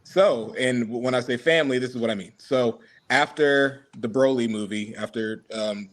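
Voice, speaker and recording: A man co-hosting a casual podcast, telling a long imagined story with quick voiced asides for the characters. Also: medium pitch. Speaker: podcast co-host.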